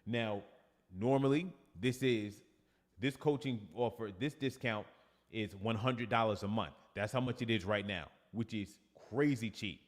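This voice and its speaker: A fitness coach with a New York accent chats casually on a livestream, reading viewer comments aloud. His voice is lowish and a little slow, with a long reverb tail.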